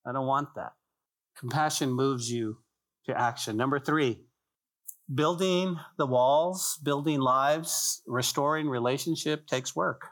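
Guy preaching in church, mid-pitch voice, repeats stuff, lots of questions and jokes to the crowd. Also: measured pace, fairly bright tone. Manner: repetitive, emphatic preaching with rhetorical questions; conversational asides and jokes to the congregation. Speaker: pastor. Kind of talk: sermon.

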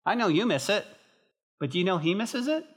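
Animated man preaching to his church. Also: high voice, a little fast, slightly rough. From northern New Mexico. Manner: animated, emphatic conversational preaching. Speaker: pastor. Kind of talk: sermon.

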